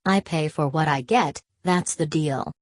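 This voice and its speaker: Woman voicing a hushed ageless sorceress. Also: low-pitched, a little slow, no room sound, studio quality. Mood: hushed, mesmeric. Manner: soft, hushed, mesmeric delivery. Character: ageless mysterious sorceress woman, calm and mesmeric.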